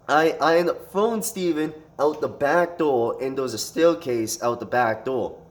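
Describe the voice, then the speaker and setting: At a moderate pace and in a mid-range voice, a man tells a fight story in a casual storytime monologue. He swears constantly, rambles, and restarts, making the retelling animated and profane.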